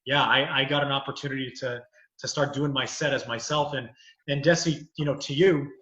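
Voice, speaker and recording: Bright-voiced man rambling through stories. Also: mid-range voice, fairly even intonation, fairly quick, roomy sound, dull audio. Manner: rambling storytelling, many "you know"s. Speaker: comedian and lawyer. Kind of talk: casual chat.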